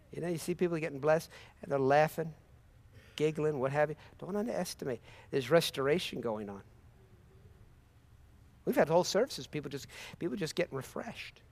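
A male preacher delivering a sermon in a high voice that leaps up and down. He repeats phrases for emphasis and breaks into sudden shouted praise. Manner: impassioned, repetitive, with sudden shouted praise and laughs.

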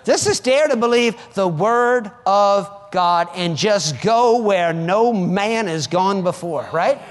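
A man's voice: high voice, animated, slow. A man preaching a sermon, urging his listeners fervently and often repeating his words. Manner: fervent, repetitive exhortation. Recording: long hall reverb.

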